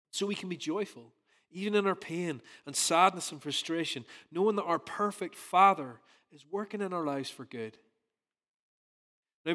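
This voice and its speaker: A man in his thirties delivers a sermon, and his voice sits a little higher than most men's. He preaches in a relaxed, conversational way, with frequent stops and restarts as he works through his points. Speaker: pastor.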